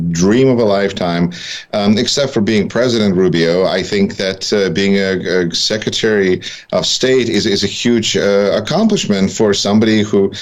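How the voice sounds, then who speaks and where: A male co-host gives political analysis in a lowish voice. He speaks haltingly, stopping and restarting often, and drops in wry asides. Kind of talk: analytical commentary.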